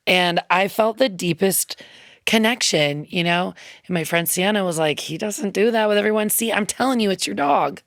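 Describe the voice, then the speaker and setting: A woman's voice: medium pitch, moderate pace, fairly bright tone, dry recording. A woman musician, a guest in a radio studio, telling a heartfelt story in a chatty, loose way full of ums and quoted asides. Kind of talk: casual interview storytelling.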